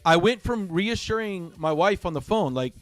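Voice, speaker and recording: Middle-aged man, halting heartfelt stream chat. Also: high-pitched, expressive, no room sound, soft background music. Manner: halting, repeats himself, heartfelt. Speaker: livestream gamer host. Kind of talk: casual livestream chat.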